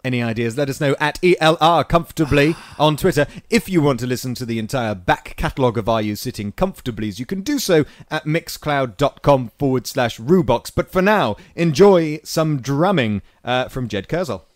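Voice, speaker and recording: A man's voice: mid-range voice, expressive, moderate pace, hardly any pauses, dry recording, studio quality. A man from England hosting a casual podcast chat about films, chatty and laughing often. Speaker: podcast host.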